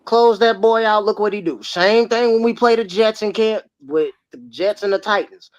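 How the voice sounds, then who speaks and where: A podcast host, ranting about football in loud, mocking trash talk. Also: mid-range voice, moderate pace, dry recording. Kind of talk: heated sports podcast talk. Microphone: remote streaming mic. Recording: dry, slightly muffled audio.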